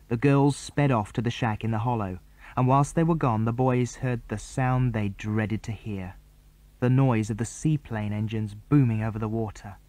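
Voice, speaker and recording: Mellow male storybook narrator. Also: lowish voice, moderate pace, no echo. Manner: clear, even storytelling. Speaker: audiobook narrator.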